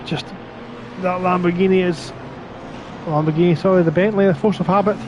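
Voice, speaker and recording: A man's voice: sits high, fairly even intonation, fairly quick, muffled recording, noisy background. A man doing live sim racing commentary, chatty and reading viewer chat between calls of the action. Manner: chatty, reads stream chat aloud between race calls.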